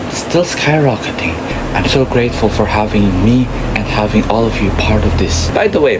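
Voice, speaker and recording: A man, a voice actor, chatting casually and excitedly about his role. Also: on the low side, noisy background. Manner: excitable, enthusiastic, with fillers. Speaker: voice actor guest. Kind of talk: casual interview.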